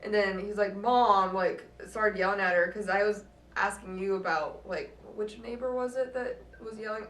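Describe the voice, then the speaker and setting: A woman's voice: medium pitch, fairly even intonation, moderate pace, hardly any pauses, fairly bright tone. A tired woman, the host's wife, telling a convention story casually and hesitantly, with many fillers. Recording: echoey room, far from mic, faint noise.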